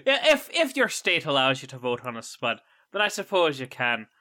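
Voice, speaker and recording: A man's voice: mid-range voice, wildly swooping pitch, normal speed, sharp tone, no room sound. A young man co-hosting a podcast in casual chat, with dry, wry humor. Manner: dry joking, wry asides. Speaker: podcast co-host.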